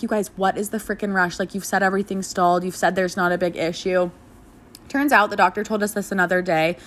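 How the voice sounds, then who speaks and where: A young woman with a somewhat low-pitched voice tells her own story straight to the listener. She is candid and casual and swears freely. She slips into animated, higher voices whenever she quotes someone. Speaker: new mother telling her birth story.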